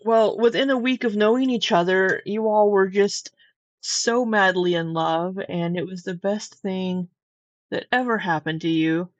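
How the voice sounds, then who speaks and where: A woman's voice: mid-range voice, a little slow, no room sound, muffled recording. Blunt, sleepy woman host reacting. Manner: blunt, swears, repeats herself. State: sleepy, yawning. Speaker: channel host reacting to a clip. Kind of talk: casual reaction commentary.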